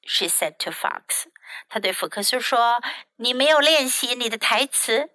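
A woman teacher reading a children's storybook aloud in two languages, slow and expressive. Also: fairly high pitch, no room sound.

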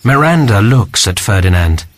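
A man narrating a graded reader story slowly and clearly. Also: lowish voice, animated. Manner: slow and clear.

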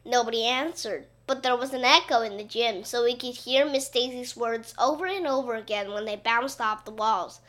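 A woman giving an expressive, playful read-aloud of a children's story. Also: fairly high pitch, moderate pace, hardly any pauses. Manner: animated, playful, voicing a boy narrator.

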